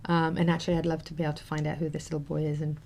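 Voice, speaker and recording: A woman's voice: low-pitched, level tone, rapid-fire, vocal fry, background noise. A woman hosting a talk show, telling a personal story in an earnest, heartfelt, rambling way with many fillers. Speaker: host.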